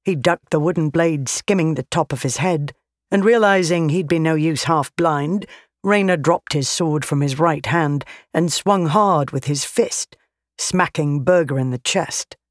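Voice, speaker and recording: An audiobook narrator reading a fantasy battle scene slowly and deliberately. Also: medium pitch, no room sound, studio quality. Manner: slow, deliberate, even reading.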